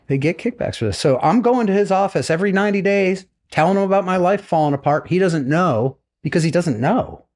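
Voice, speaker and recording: A man's voice: high voice, brisk, few pauses. A middle-aged American man, a retired naval flight officer, telling his story casually as a podcast guest and acting out the voices of people in it. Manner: animated storyteller, acts out quoted voices.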